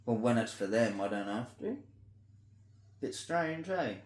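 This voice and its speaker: An Australian man vlogs a ranting monologue to camera, blunt, sweary and indignant, swinging between loud outbursts and low mutters. His voice is expressive and measured in pace, with a reverberant sound.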